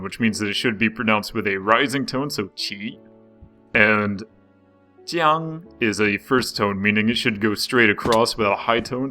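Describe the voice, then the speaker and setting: A young gaming video host with a fairly low, slightly bright voice chats casually as he plays. He wanders from topic to topic and often interrupts himself partway through a sentence.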